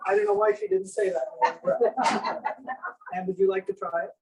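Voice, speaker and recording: Male presenter, high-voiced and joking, demonstrating antique inventions, recorded off-mic in a hall. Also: steady tone, moderate pace, darkish tone, far from the mic. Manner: playful, jokey, audience-engaging. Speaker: traveling museum presenter. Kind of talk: interactive demonstration talk. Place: senior center room, indoors.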